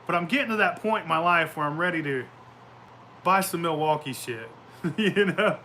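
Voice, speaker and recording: A man's voice: on the high side, moderate pace, pushed and bright, slight background noise. A man chatting casually outdoors at home, telling rambling, profane stories and laughing often. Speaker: vlogger. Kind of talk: casual chat.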